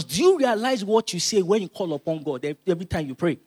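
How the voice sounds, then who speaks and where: A man, preaching a sermon as pastor, emphatic and repeating phrases as he builds to loud exhortation. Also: sits high, big pitch swings, fast talker, few pauses. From Nigeria.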